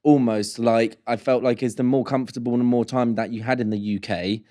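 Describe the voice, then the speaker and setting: A man's voice: mid-range voice, fairly even intonation, brisk, mellow. A man chats loosely as co-host, restarting sentences and tripping over his words. He swears casually and keeps an easygoing, conversational flow. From United Kingdom. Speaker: podcast co-host. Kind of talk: casual chat.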